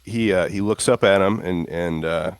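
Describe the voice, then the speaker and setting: A man's voice: deep voice, normal speed, clean tone, dry recording. A man playing a tabletop game, loosely describing his character's actions. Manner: loose, rambling scene description. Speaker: player.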